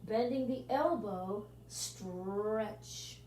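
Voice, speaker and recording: A woman pilates instructor guiding a workout class and counting out the moves in a steady rhythm. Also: a little high, extremely slow. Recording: echoey room, mic at a distance, faint hum.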